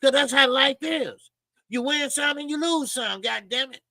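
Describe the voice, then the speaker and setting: A man hosting a boxing talk show, ranting in loud, emphatic, mocking casual commentary with plenty of swearing. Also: very high-pitched, normal speed, no room sound.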